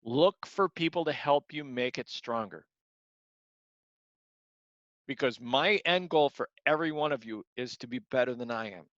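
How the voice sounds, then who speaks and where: A man's voice: medium pitch, expressive, normal speed, long pauses, fairly bright tone, no echo. A man teaching a martial arts class, talking earnestly and repeating words as he acts out examples. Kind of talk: motivational class talk. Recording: dull lo-fi sound.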